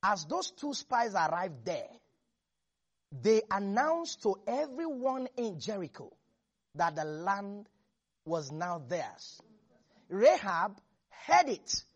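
A man preaching a lively sermon who acts out biblical figures and laughs often. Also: sits high, takes it slowly, pauses often, dull audio.

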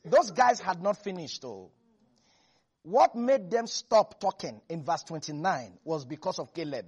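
A preacher delivering a lively sermon to a congregation, laughing often and acting out Bible characters in different voices. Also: mid-range voice, unhurried, breathy edge, muffled recording. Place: church with a congregation.

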